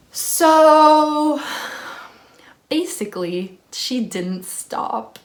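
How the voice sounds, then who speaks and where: A woman's voice: a little high, unhurried. Heated young woman ranting. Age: young adult. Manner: rambling and heated, full of "like". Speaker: vlogger. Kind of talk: storytime vlog.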